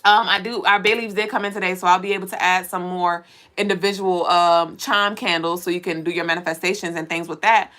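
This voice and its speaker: A woman's voice: lowish voice, fairly even intonation, fairly quick, a bit bright. Blunt preachy woman reading cards. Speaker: spiritual reader. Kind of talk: livestream spiritual card reading.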